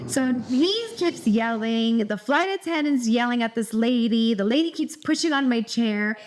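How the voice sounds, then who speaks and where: Chatty higher-voiced woman telling a story. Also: normal speed. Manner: rambling, animated storytelling with many restarts. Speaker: podcast co-host. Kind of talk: casual storytelling chat.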